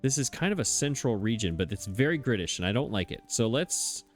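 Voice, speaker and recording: Over soft background music, a medium-pitched man talks expressively and fairly quickly through a let's play. His casual commentary is chatty and puzzled, and he mocks himself whenever he slips up.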